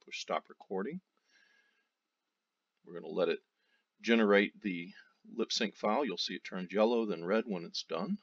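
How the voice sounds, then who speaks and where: Man, low voice, talks through a software tutorial step by step; dull, lo-fi sound. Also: normal speed, pauses often, slightly rough. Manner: steady step-by-step explaining, loose phrasing. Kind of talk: screen-recorded tutorial narration. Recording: dull lo-fi audio.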